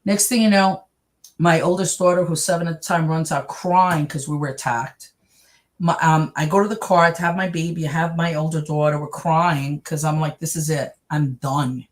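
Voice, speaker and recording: A woman's voice: sits low, normal speed. A middle-aged woman from New York telling her story in an interview, animating it with the voices of the people in it. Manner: animated, acts out others' voices in her stories. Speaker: interview guest.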